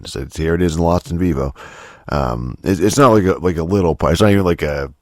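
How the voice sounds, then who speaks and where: A man with an extremely deep voice hosts a solo podcast, rambling through a profane rant full of restarts and filler words. The sound is dry and close, with no room around it. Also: fast talker, darkish tone, dry recording. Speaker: podcast host.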